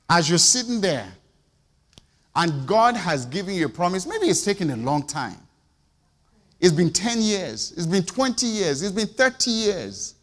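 A male preacher delivers his sermon in a fairly high voice that leaps up and drops low. He fires off rhetorical questions, bursting loud and then falling to quiet asides. His voice rings with the long reverb of a large hall. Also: big pitch swings, normal speed.

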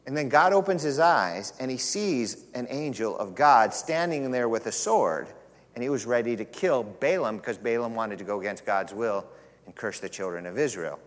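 A male pastor who retells a scripture story in an animated, joking manner during a sermon. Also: mid-range voice, normal speed, big-room sound.

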